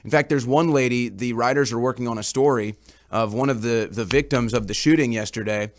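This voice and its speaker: A man's voice: mid-range voice, brisk. A man reporting on a talk show, casually recounting events in a rambling way and often repeating his words.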